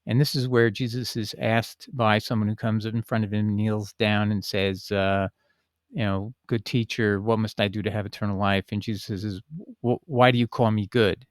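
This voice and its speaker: A man hosting his own channel, casually talking through a Bible passage and reading verses aloud, pausing often with fillers and restarts. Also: on the low side, flat delivery, no echo, clean studio sound. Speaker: Bible teaching channel host. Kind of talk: casual spoken Bible commentary.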